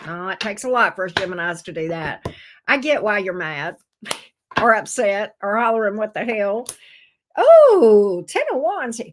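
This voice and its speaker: Lively, expressive woman reading tarot. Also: mid-range voice, a little hiss or hum. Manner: expressive, swears freely, acts out the viewer's voice. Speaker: tarot reader. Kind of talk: casual tarot reading to camera.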